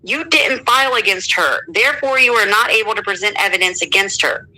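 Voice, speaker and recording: A strict judge keeping order in court, clipped and firm, who repeats commands, as a woman reads the part. The voice is crisp and bright. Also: mid-range voice, brisk, poor audio. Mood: stern.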